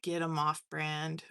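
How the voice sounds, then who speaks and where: A young woman with a lowish, slightly bright voice chats casually while painting watercolors on a live stream. She laughs a lot and pokes fun at herself as she works.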